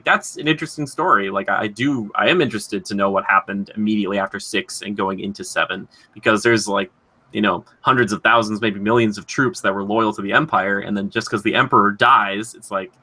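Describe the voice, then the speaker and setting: Bright-voiced young man chatting casually. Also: lowish voice. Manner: rambling, enthusiastic, heavy use of "like". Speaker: podcast co-host. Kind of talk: casual chat.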